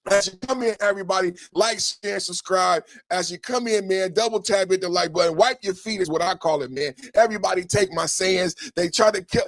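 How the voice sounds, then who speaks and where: A man's voice: high-pitched, brisk, few pauses, fairly bright tone, dry recording. A man hosting a podcast with hype-man energy, chanting catchphrases and slipping into sing-song rhymes. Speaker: podcast host. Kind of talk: hyped podcast monologue.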